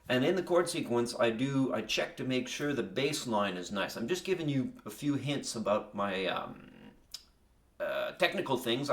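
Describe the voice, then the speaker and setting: A man's voice: mid-range voice, a bit bright. A man walking through his songwriting process in a casual, rambling way, often breaking off mid-thought and musing aloud. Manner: rambling, self-interrupting, musing asides. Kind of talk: casual spoken walkthrough.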